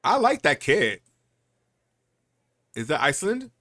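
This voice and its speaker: A man's voice: a little high, big pitch swings, takes it slowly, pushed and bright, no echo, studio quality. A man co-hosting a live stream, reacting with eager, jokey enthusiasm. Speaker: co-host. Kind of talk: casual live-stream chat.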